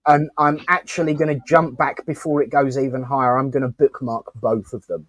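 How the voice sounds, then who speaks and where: A man's voice: mid-range voice, level tone, a little fast, fairly bright tone, no echo. A man hosting a casual live-stream chat, rambling and talkative with lots of fillers and restarts. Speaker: host.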